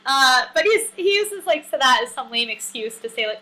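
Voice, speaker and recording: Bright, lively woman podcast co-host. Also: sits high, normal speed, hardly any pauses, rough recording. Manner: chatty, animated, many fillers and laughs. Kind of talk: casual recap chat.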